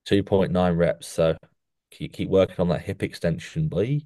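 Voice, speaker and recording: Tiefe Stimme, Mann, der ständig „mate“ sagt. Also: male voice, low-pitched, moderate pace, no echo, studio quality. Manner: says "mate" constantly, animated coaching tone. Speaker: podcast co-host rating physiques. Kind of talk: casual chat. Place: podcast studio.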